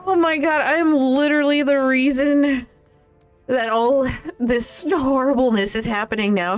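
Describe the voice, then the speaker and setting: A woman's voice: sits high, moderate pace, soft background music. Laughing, swearing woman streamer. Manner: swears a lot and laughs often; reads game dialogue aloud. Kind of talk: casual gameplay commentary.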